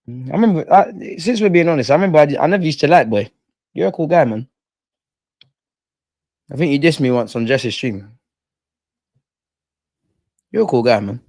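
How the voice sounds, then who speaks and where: A man hosting a live football watch-along, chatting in excitable, slangy banter with his viewers. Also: medium pitch, no echo. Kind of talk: live fan commentary and chat.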